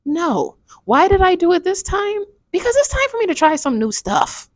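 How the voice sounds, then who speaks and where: Lively, frank woman in her twenties. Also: very high voice, normal speed, no echo, clean studio sound. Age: 20s. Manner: frank, rambling, swears casually. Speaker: book reviewer. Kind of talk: casual book review chat.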